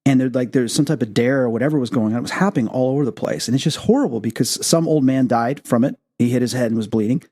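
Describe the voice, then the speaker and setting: Mellow-voiced male show host. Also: medium pitch, quick pace, hardly any pauses. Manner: animated storyteller, acts out quotes. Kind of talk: interview and personal storytelling.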